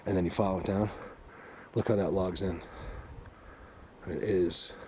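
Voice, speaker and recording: A man hosting an outdoor vlog, rambling excitedly with many fillers as he walks through a mountain forest. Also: low-pitched, measured pace, slight background noise. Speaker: vlog host exploring the outdoors. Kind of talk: casual walking vlog commentary.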